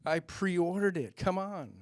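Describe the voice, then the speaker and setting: A man's voice: high voice, expressive, a little slow, clean tone, no echo, clean studio sound. A middle-aged man hosting a stand-up comedy monologue, rambling with self-deprecating, muttered asides. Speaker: comedian host.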